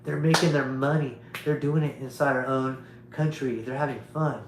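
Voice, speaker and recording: A man's voice: medium pitch, fairly even intonation, normal speed, reverberant, noisy background. A man hosting a livestream, delivering a rambling, preachy monologue to his viewers and repeating his points emphatically. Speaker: livestream host.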